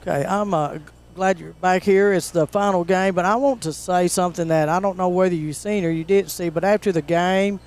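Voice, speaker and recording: A man co-commentating a high school volleyball game, plainspoken and halting with fillers. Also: darkish tone. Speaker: sports co-commentator.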